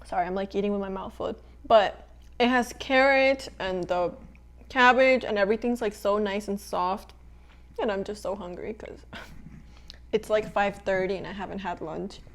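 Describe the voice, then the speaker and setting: A young woman hosting a casual home cooking tutorial, chatting in a relaxed way while she cooks and eats. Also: medium pitch, unhurried. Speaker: cooking channel host.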